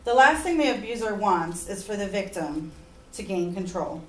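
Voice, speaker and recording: A woman's voice: mid-range voice, lively intonation, moderate pace, a little hiss or hum. A woman giving an earnest persuasive speech, at times emotional. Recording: echoey room, mic far off.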